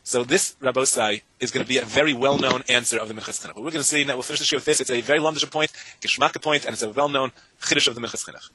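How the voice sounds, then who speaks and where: A man teaching a Talmud class to students, animated and talking in rapid bursts, chanting the Hebrew and Aramaic texts in a sing-song lilt. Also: mid-range voice, husky, rough recording.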